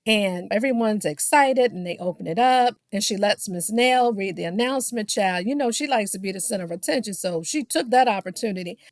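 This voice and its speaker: Recapping a reality show, a woman gossips casually, full of sassy shade, keeps saying "child" to her listeners and imitates those she quotes. She talks fairly quickly with few pauses in a mid-range voice, recorded studio-quality with no echo.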